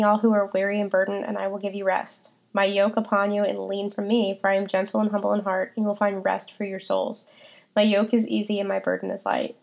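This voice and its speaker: A woman hosts a faith podcast, speaking in a reflective and personal way. She pauses on ums and restarts her sentences as she works through scripture and her own experience. Her voice sits at an ordinary middle pitch for a woman. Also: creaky, a little mellow, muffled recording. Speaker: podcast host.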